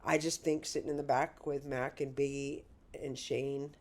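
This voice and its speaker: A woman's voice: rumbling low, flat delivery, normal speed, darkish tone. A middle-aged woman, a podcast guest, chatting casually and telling stories in a blunt, candid way. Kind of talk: casual chat.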